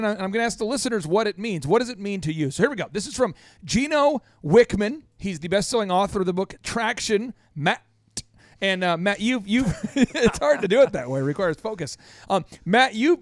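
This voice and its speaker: A man's voice: sits high, dry recording, studio quality. A man hosting a business podcast, teasing his guest in playful, exuberant banter. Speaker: podcast host. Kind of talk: lively radio show banter.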